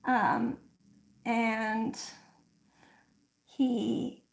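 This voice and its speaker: A woman's voice: fairly high pitch, flat delivery, vocal fry. A woman hosting a casual livestream, chatting and telling stories with lots of "like" fillers. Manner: chatty, frequent "like" fillers, storytelling; slow, thoughtful explaining. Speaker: livestream host.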